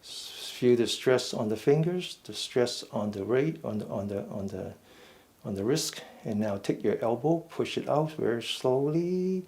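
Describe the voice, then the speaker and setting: A middle-aged man leading a seated mindful fitness class, giving slow, patient step-by-step cues. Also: mid-range voice, lively intonation, darkish tone. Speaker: fitness and meditation instructor. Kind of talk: guided seated exercise class.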